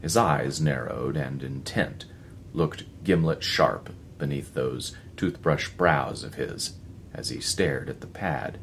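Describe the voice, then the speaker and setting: A man narrating an audiobook story in a measured, even way. His voice is extremely deep, with a gravelly edge that runs through every line. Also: a little hiss or hum.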